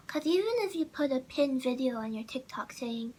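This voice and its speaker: A young woman with a naturally high-pitched voice, talking in a rambling, self-correcting way in a casual vlog monologue. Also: lively intonation, normal speed, slightly rough. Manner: rambling, self-correcting, bursts into loud mocking impressions. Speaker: content creator.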